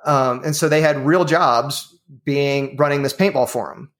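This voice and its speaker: A man's voice: mid-range voice, unhurried. A man telling stories in casual conversation, with lots of uh and um fillers. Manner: storytelling with many fillers. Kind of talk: casual chat.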